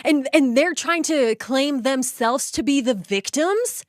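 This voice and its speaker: A woman's voice: high-pitched, slow, no echo, clean studio sound. A woman giving indignant, emphatic political reaction commentary.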